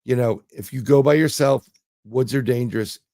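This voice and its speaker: A New York City man, a guest who is a remote viewer, speaks at normal speed in a mellow, medium-pitched voice with clean studio sound and no echo. In a casual interview he tells rambling anecdotes full of fillers and restarts.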